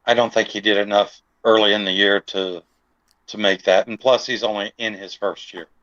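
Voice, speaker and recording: A man's voice: fairly low pitch, fairly even intonation, normal speed, fairly bright tone, dry recording, dull audio. A man co-hosting a casual livestream, laid-back and agreeable, often chiming in with short replies. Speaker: livestream co-host.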